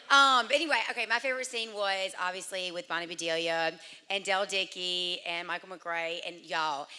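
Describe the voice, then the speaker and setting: A woman's voice: medium pitch, sharp tone, clear, resonant tone. A woman on a festival panel stage, telling a chatty, rambling story with a lot of "y'all". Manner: bubbly, rambling, uses y'all. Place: theater stage.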